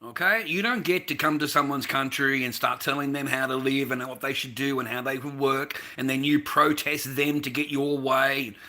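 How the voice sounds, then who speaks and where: A man's voice: mid-range voice, fairly even intonation, normal speed, hardly any pauses, pushed and bright. An Australian man delivering a heated, profane ranting monologue, repeating himself and tossing in "mate" between sentences.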